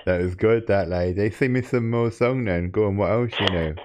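Young guy, low-pitched, cheeky deadpan troll doing a prank call. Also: normal speed. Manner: cheeky, mock-serious trolling banter. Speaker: prank caller and channel host. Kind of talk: casual prank phone call and channel plug.

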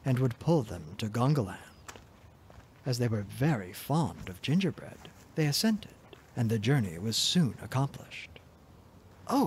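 A man narrating a fairy tale in a soft, gentle, expressive reading voice. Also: mid-range voice, a little hiss or hum. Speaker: storyteller.

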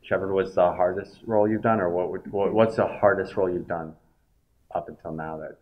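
A man with a very low voice puts hesitant questions to a voice actress, stopping for fillers as he goes. He is picked up dull and from far off the mic. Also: steady tone, a little fast. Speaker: interviewer.

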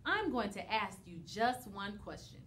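A woman's voice: mid-range voice, big pitch swings, unhurried, a bit bright, slight background noise. Santa, a woman reading a kindly old man. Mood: questioning. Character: jolly old man Santa quizzing helpers.

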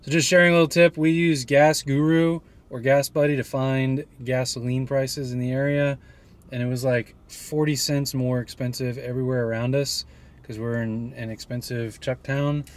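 A man's voice: medium pitch, level tone, normal speed. Joking man chatting on a travel vlog. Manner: joking, playful teasing. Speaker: vlog host. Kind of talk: casual travel vlog chat.

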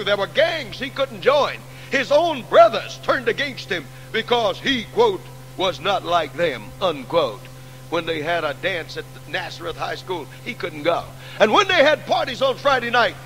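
High-voiced man preaching in rising refrains. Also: low-quality recording. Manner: preaching with building refrains, dropping low and swelling loud. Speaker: pastor. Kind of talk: sermon.

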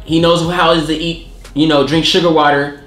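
A man hosting a casual TV review chat, talking animatedly and acting out scenes in quick put-on voices. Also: on the high side, little pitch movement, a bit bright, reverberant. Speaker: show host.

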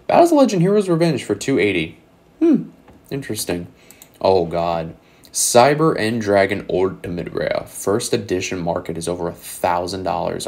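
Hosting his own channel, this young man casually delivers sarcastic, no-nonsense commentary on what cards are selling for. His voice sits low and is a little mellow, with slight hoarseness as he remarks that it's going.

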